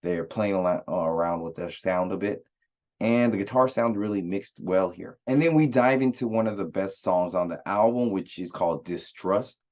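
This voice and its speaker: Low-voiced man casually reviewing music. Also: normal speed, darkish tone, lo-fi sound. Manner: loose and rambling, many fillers and restarts. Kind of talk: casual spoken album review.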